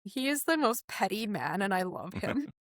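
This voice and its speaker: Lively young woman, dry podcast sound. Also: mid-range voice, moderate pace, no echo. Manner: animated storyteller, acts out quotes. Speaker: podcast co-host. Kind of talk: casual sports chat.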